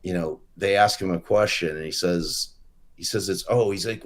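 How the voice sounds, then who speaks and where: Low-voiced man telling a rambling story. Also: brisk. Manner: rambling storyteller, swears freely. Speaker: podcast co-host, lawyer. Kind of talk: casual podcast banter.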